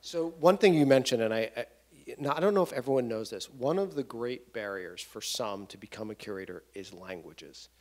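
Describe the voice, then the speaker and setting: A man's voice: medium pitch, expressive, moderate pace. A middle-aged man hosts a conversation before a museum audience, asking questions and musing aloud. His speech is rambling and stop-start, with restarts and repeated words. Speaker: museum director, interviewer. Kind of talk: onstage conversation, interviewing.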